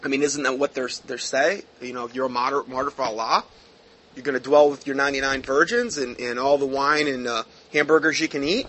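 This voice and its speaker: Brisk and sharp in tone, this medium-pitched male voice alternates between reading a news piece and launching into angry, sarcastic commentary. Fillers and false starts pile up as he mocks the material.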